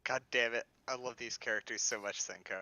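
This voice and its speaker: A man's voice: mid-range voice, fairly even intonation, a little fast, sharp tone, dry recording. A man joking wryly as a player in a tabletop game. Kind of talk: casual chat at a tabletop game.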